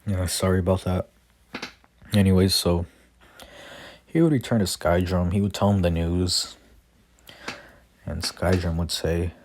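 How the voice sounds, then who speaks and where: A man's voice: low voice, a little slow, pauses often, a little hiss or hum. A young man casually retelling his own fan story, rambling with many fillers and restarts. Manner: reads character lines quietly without voices.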